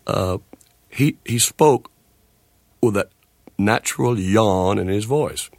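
A man in his sixties speaks in a low, gravelly voice, slow and halting, with frequent restarts. His voice is marked by a speech disorder. The studio sound is close and dry. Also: a little mellow, no room sound. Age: 60s. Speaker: guest, country singer. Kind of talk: radio interview.

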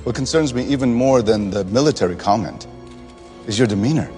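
A man plays a stern, cold senator at a hearing, interrogating in a measured mid-range voice. Faint music plays under the drama clip. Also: mid-range voice, a little mellow, natural voice. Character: stern middle-aged male senator at a hearing.

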